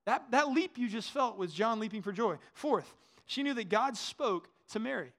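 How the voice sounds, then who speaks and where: A man's voice: high voice, expressive, normal speed, fairly bright tone. A man in his thirties preaching a sermon as a pastor, talking conversationally and asking the congregation questions.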